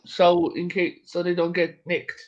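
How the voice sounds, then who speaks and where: A man's voice: high voice, completely flat delivery, unhurried, lo-fi sound. A man telling jokey, profane anecdotes in casual chat.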